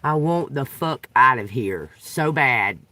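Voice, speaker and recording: A woman's voice: extremely low pitch, animated, slow pace, sharp tone. A woman ranting in a profane, agitated way, recorded a little away from the mic in a dry car. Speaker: tarot reader. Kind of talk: unscripted venting vlog.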